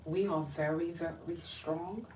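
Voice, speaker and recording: A woman tarot reader gives a casual reading, sounding uneasy and weak, emotional as she addresses both the spirit and her viewers, often breaking off to start again. Her voice is on the low side, steady and a little slow, recorded from a distance with roomy echo and background noise.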